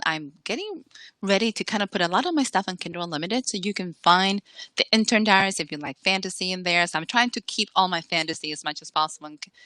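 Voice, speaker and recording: A woman author chatting in an interview, lively and acting out the people she quotes. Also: on the low side, no room sound. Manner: animated, acts out quoted voices. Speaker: author guest. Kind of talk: casual interview chat.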